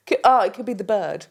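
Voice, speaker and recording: A woman's voice: medium pitch, creaky. A British woman co-hosting a podcast, tossing in playful, jokey comebacks. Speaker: podcast co-host. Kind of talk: casual podcast chat.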